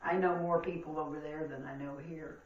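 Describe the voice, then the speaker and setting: A woman chats in a friendly way and giggles easily between remarks, sounding relaxed among her team. She is heard from across an echoey room, and her voice comes through muffled and distant, with a faint hiss. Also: sits low, brisk. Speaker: paranormal investigation team member. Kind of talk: casual ghost-hunt chat. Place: old hotel room at night.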